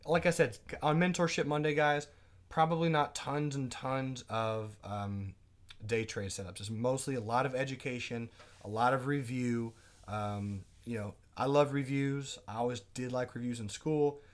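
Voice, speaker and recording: A man teaching a live day trading class, chatting casually, asking his viewers quick questions and reading out their comments. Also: mid-range voice, fairly even intonation. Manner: asks quick questions to the audience.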